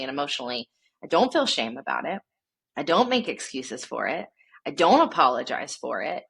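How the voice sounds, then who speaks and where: Husky low-voiced woman guest. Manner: reflective, lists points in a steady teaching way. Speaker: podcast guest, author. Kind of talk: podcast interview.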